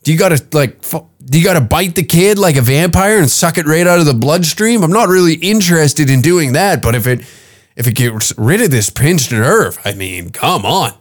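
A man's voice: a little high, expressive, moderate pace. Profane rambling man in his fifties. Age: 50s. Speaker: podcast host. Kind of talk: comedic podcast rant.

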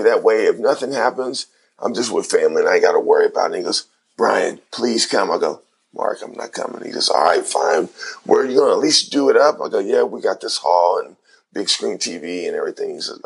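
A middle-aged former basketball player tells his story in an interview, voicing the people he quotes. His voice is fairly low in pitch and slightly rough.

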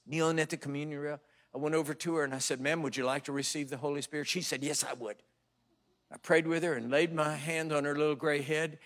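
A middle-aged male preacher telling stories in a sermon, with dramatic swings from hushed to loud and quotes acted out in voices. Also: on the high side. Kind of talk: sermon with storytelling.

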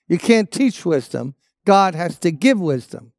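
A man's voice: sits high, big pitch swings, measured pace, gravelly, a little mellow, no echo, studio quality. A man preaching a sermon as a pastor, emphatic and repeating his key phrases.

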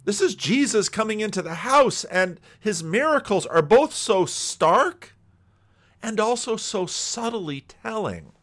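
Lively, animated male preacher. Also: sits high, unhurried. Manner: conversational, repeats words while thinking aloud. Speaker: pastor. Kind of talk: sermon.

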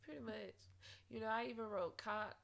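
A woman's voice: a little high, brisk, gravelly, a crowd in the background. A woman author as a podcast guest, bubbly and blunt, laughing as she chats. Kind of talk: casual chat.

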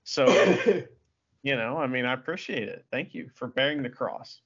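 A man co-hosts a podcast, trading jokey banter in a lively voice that swings up and down. He sits a bit high in pitch, and the sound is dull and lo-fi. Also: a little slow, husky. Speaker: podcast co-host. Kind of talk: casual chat.

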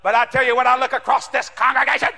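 A man from New Orleans preaching a sermon, telling a story in an animated, shouting way and acting out the voices. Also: extremely high pitch, fast, creaky, big-room sound. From New Orleans, Louisiana.

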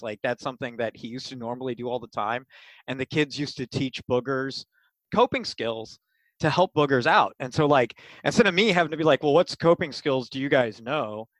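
An animated, excited storyteller recounting their tabletop sessions in a mid-pitched voice. The sound is dry and close, with no room around it, and the talk is loose and full of fillers. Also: fairly quick, no room sound, poor audio. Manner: animated, enthusiastic, many fillers. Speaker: game master for kids' games. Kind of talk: casual interview storytelling.

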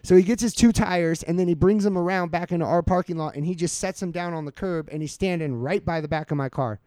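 High-voiced man telling a rambling story. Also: fast, warm tone, no echo. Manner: profane, rambling, filler-heavy. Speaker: podcast host. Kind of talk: casual storytelling among friends.

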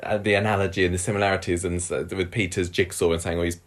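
A man's voice: low-pitched, flat delivery, fast talker. A man co-hosting a podcast and adding dry, matter-of-fact remarks. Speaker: podcast co-host. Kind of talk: casual chat.

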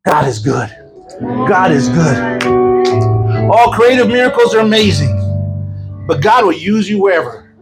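A man preaching a sermon as an evangelist at a church service, telling stories in a lively, joking way. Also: sits high, unhurried, pauses often, loud music behind the voice, rough recording. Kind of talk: sermon with storytelling.

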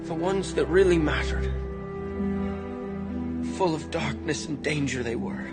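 An actor playing a loyal young male hobbit, speaking softly and earnestly to his friend. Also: a little high, unhurried, loud music behind the voice, close to an everyday voice. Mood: tender, earnest. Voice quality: soft, earnest storytelling delivery. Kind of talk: film drama acting. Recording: film clip under a loud orchestral score.

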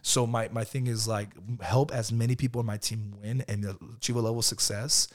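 A man in his thirties speaks in a relaxed interview, peppering his sentences with "bro". His words come out quickly, one thought tumbling into the next. His pitch sits at an ordinary middle level for a man. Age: 30s. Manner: keeps saying "bro", loose and chatty. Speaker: podcast guest, business owner. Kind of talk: casual interview talk.

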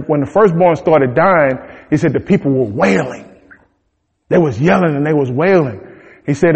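A man preaching a sermon, retelling the story in a humorous, slangy, animated way. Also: on the high side. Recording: dull sound in a reverberant hall.

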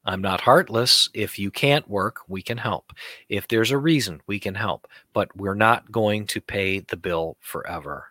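Blunt, heated male co-host, forceful tone, lowish voice, dry studio sound. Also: a little slow, dry recording. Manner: blunt, fired-up ranting. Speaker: talk show co-host. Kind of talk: heated political chat.

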